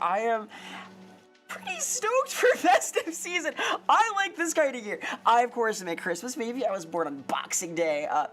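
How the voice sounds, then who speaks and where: A woman streaming casually, greeting chat by name with bubbly, pun-filled talk that leaps up in pitch on her hellos. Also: fairly bright tone. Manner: bubbly, punny, swoops up on greetings.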